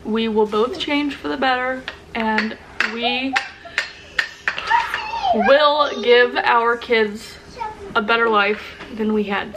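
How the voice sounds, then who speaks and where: A woman's voice: fairly high pitch, fairly even intonation. Emotional young woman vlogging, noisy. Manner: earnest, emotional, halting restarts. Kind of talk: casual sit-down talk to camera.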